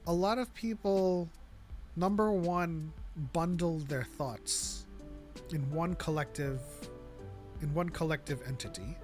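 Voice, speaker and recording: A man co-hosting a fan podcast in casual chat, arguing his points at length and laughing often. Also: on the high side. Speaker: podcast co-host.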